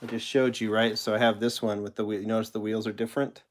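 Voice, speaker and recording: Male streamer, lowish voice, loose, rambling chat with frequent self-corrections. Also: little pitch movement, fast. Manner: rambling, self-correcting, answers chat questions while showing toy cars. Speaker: host of a live collector stream. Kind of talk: casual live-stream chat.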